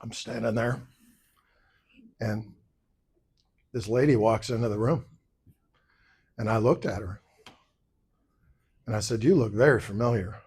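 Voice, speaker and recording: A man's voice: fairly low pitch, fairly even intonation, takes it slowly, long pauses, darkish tone, slightly rough. A man running for office, giving a campaign speech at a luncheon and telling personal stories, acting out the other people's lines as he quotes them. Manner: storytelling, acting out quoted voices. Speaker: political candidate. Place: luncheon event room.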